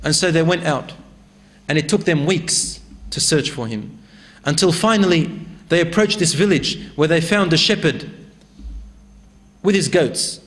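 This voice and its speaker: A male preacher narrates a religious story with a high voice. His delivery is dramatic and emphatic, and he swings between raised passages and hushed ones. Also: lively intonation, measured pace. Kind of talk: storytelling sermon.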